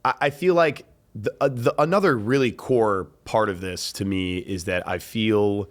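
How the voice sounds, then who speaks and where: A man's voice: lowish voice, moderate pace. A young man co-hosting a casual podcast chat, rambling and hesitant, with many fillers and restarts. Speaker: podcast co-host.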